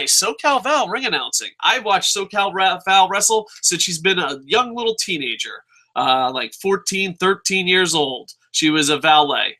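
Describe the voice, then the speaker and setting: Man, high voice, very bright and sharp tone, profane excitable rant, review host. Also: low-quality recording. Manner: excitable, profane, shouts at times. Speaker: wrestling show reviewer.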